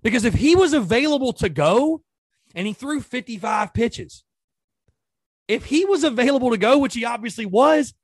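A man's voice: extremely high pitch, lively intonation, normal speed, no echo, clean studio sound. A man hosting a sports podcast, ranting in an exasperated way and firing off rhetorical questions in casual commentary.

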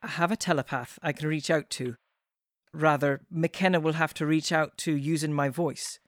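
A woman voicing a calm, measured witch. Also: low-pitched, no echo, clean studio sound, natural voice. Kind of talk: audio drama acting.

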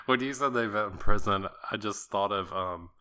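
Low, forceful-voiced joking male co-host. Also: normal speed, clean tone. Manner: joking banter with frequent laughter. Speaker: podcast co-host. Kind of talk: casual chat.

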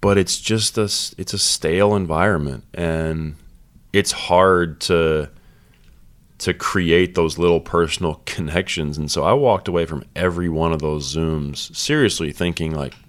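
A man's voice: deep voice, steady tone, a little slow. A man in his thirties, a basketball head coach, talking candidly and reflectively in an interview, with many fillers and restarts.

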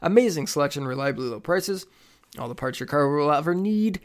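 A man hosting a sports podcast, reading sponsor ads in an energetic, playful way. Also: fairly high pitch, fairly quick. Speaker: podcast host. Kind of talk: upbeat ad read and show segues.

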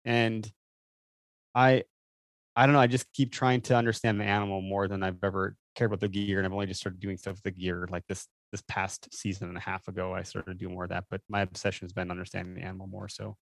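A man chatting as a podcast guest, telling stories with lots of fillers and animated bursts. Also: low-pitched, fast talker, gravelly, dry recording, clean studio sound. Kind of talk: casual chat.

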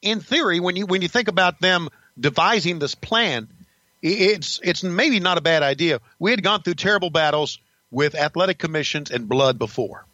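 Brief: older male host, bright forceful voice, blunt and profane storyteller, dull dry recording. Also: high voice, expressive, moderate pace, dry recording. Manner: blunt, profane, rambling with restarts. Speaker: podcast host recalling wrestling career. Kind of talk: casual storytelling.

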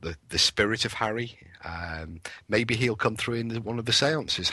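A very deep man with a husky edge speaks with forceful energy. He is a radio guest explaining an event eagerly, often restarting his phrases. The sound is dry and close. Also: no echo. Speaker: guest, ghost hunt organizer. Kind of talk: radio interview.

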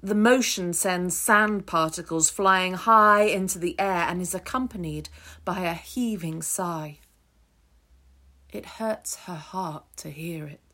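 A woman narrating an audiobook extract in a measured, descriptive storytelling manner. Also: fairly low pitch, sharp tone. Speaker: audiobook reader. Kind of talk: scripted narration.

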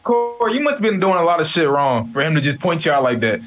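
A man's voice: a little high, sing-song, quick pace, a bit bright, soft background music. A man in casual chat, teasing his friend with blunt, profane banter. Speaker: co-host.

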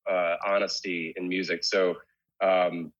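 Low husky-voiced man, candid guest. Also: little pitch movement, unhurried, dull audio. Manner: candid, rambling with many restarts. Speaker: guest, rock singer. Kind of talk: casual interview chat.

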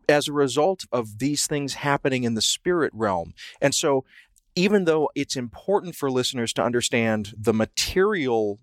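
A man hosting an interview program, speaking at a middling pitch with a measured, articulate delivery. He frames long questions carefully. The sound is dry and close, as if from a studio mic. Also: no room sound. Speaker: radio show host. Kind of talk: interviewing a guest.

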